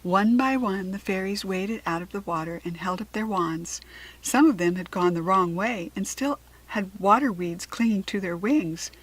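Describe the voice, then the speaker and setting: An American woman reading a children's storybook aloud in a gentle, expressive way. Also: mid-range voice, moderate pace, poor audio. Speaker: children's book reader.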